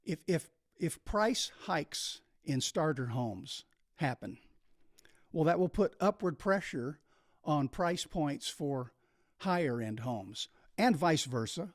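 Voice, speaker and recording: Male solo host, emphatic and explanatory, somewhat high voice, dry close sound. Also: lively intonation, takes it slowly, dry recording. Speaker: videocast host.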